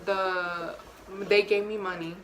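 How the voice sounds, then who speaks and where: A woman's voice: fairly low pitch, flat delivery, takes it slowly, a crowd in the background. A young woman vlogger chatting casually and telling a personal story straight to her viewers, full of slang. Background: music.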